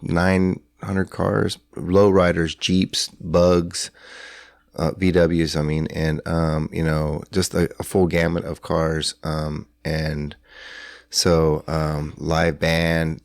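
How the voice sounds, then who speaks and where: A middle-aged man from San Antonio with a deep, low voice tells a story in loose, casual talk. He rambles, trips over restarts and jumps into other people's voices. The sound is dry and close. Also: vocal fry, dry recording. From San Antonio, Texas. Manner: rambling, lots of fillers and restarts, acts out dialogue. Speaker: podcast guest. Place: hotel room.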